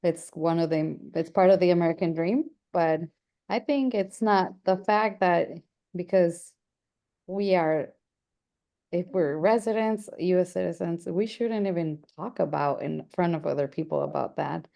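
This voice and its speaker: A woman student in a class discussion, speaking hesitantly in halting bursts with many restarts. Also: fairly low pitch, gravelly, dark tone.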